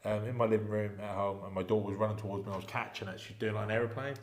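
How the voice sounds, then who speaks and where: Middle-aged guy from england, quick talker, acts out the other people in his stories. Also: on the low side, roomy sound, a little hiss or hum. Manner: animated anecdotes, acts out quoted voices. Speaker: retired boxer, podcast guest. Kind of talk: casual storytelling chat.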